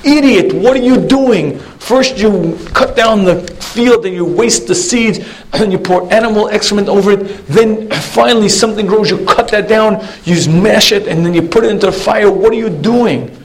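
A man doing a shrill, panicky city man. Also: very animated, moderate pace, hardly any pauses, a little mellow, rough recording. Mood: frantic outraged. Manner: shrill, frantic outbursts. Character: excitable male city dweller, panicky and indignant. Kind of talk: storytelling in a sermon.

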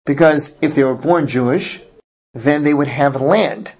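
A man's voice: on the high side, unhurried, a little mellow. A man teaching a verse-by-verse scripture class, reading Hebrew phrases aloud and translating them with emphatic explanations. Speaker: Bible teacher.

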